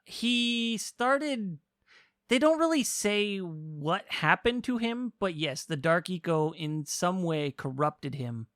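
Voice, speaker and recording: A man co-hosting a casual podcast, explaining a story with animated retelling and quick acted-out lines. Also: high voice, dry recording, clean studio sound. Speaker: podcast co-host explaining a game. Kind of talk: casual chat.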